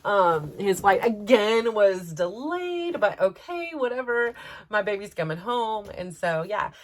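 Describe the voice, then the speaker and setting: Middle-aged mom rambling through a story, animated, lots of ums and restarts, medium pitch. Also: female voice, unhurried. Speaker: mother and podcast host. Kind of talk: casual storytelling.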